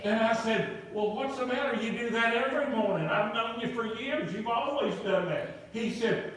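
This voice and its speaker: High-voiced preacher in an echoey church. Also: male voice, normal speed, few pauses, recorded from a distance. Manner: animated storyteller, acting out quoted voices. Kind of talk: revival sermon storytelling. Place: large church sanctuary.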